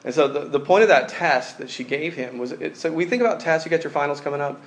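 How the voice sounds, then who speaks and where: A man's voice: a little high, fast. A young man preaching a conversational sermon, reading scripture aloud and telling stories with casual fillers. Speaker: pastor.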